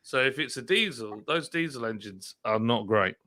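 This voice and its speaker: A man chatting casually with friends, often halting and restarting his sentences. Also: medium pitch, lively intonation, a loud crowd. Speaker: live stream co-host. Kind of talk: casual pub chat.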